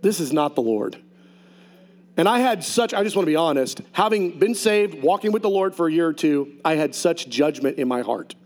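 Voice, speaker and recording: A man preaching a lively sermon testimony to a congregation, telling his story with animated, shouted outbursts. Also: on the high side, a little fast, hardly any pauses.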